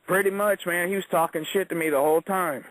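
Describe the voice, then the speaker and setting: A man's voice: high voice, steady tone, fast talker, a bit bright, no room sound, rough recording. A man, a wrestler, telling an in-ring story in a casual, profane interview, acting out quotes as he goes.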